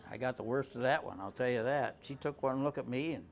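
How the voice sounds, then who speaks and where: A man's voice: medium pitch, a little fast, gravelly. An older man who runs a tavern, telling old stories in a rambling way, full of restarts and "you know". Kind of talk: rambling spoken anecdotes.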